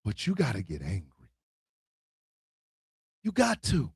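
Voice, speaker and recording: A man's voice: medium pitch, wildly swooping pitch, a little slow, husky, no room sound, clean studio sound. A man hosting an internet radio livestream, delivering a fiery, emphatic monologue. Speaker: internet radio co-owner and host.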